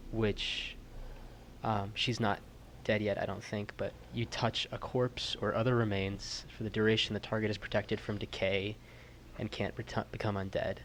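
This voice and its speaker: A man playing a tabletop role-playing game, describing his character in slow, hushed, emotional storytelling. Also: lowish voice, a little hiss or hum. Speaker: player.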